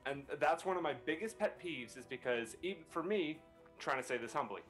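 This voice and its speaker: A man's voice: fairly high pitch, lively intonation, fairly quick, fairly bright tone, faint music behind. A male voice actor on a panel, giving earnest advice and explaining his points with rhetorical questions.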